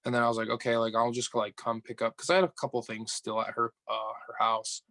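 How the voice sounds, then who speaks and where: A man's voice: medium pitch, fast, dry recording. Casual young man telling a story. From upstate New York. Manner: animated, swears often, acts out dialogue. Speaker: podcast guest.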